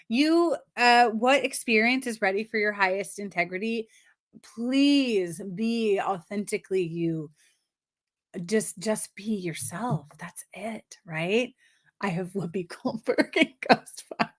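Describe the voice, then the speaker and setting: A woman's voice: mid-range voice, animated, takes it slowly, fairly bright tone. A woman giving live numerology card readings, effusive and giggly, often repeating affirmations. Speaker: numerology reader.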